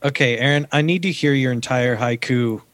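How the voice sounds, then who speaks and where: A man's voice: medium pitch, brisk, a bit bright, no room sound. A man, a counselor, talking easily as a guest in a casual chat.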